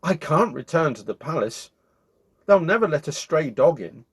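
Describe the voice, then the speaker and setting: A man's voice: a little high, very animated, moderate pace, slightly rough. A man voicing a young prince turned into a dog, speaking in a miserable, plaintive way as he reads a storybook aloud.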